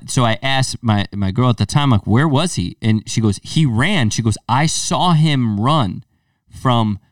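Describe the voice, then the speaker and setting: A man's voice: medium pitch, no room sound, clean studio sound, far from the mic. A young man co-hosting a podcast, telling stories in a casual chat, swearing freely and acting out what people said. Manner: animated storyteller, swears freely, acts out quotes. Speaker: podcast co-host.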